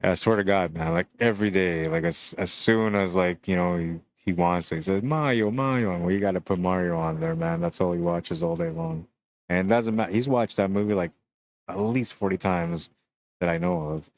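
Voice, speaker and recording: With no echo and a normal pace, a deep-voiced man casually calls each shot of a live pool match. He pauses between shots to greet individual viewers watching the stream.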